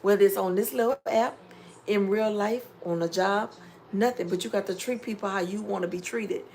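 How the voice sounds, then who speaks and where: A middle-aged woman vlogger chatting casually on a live stream, reading viewer comments and giving preachy, animated life advice. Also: mid-range voice, moderate pace, gravelly, slight background noise. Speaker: home DIY vlogger.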